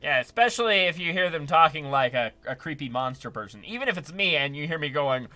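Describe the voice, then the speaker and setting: A man's voice: medium pitch, animated, fast talker, few pauses, pushed and bright. A man giving chatty, upbeat live commentary while playing a video game, often laughing and talking to his chat. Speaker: streamer.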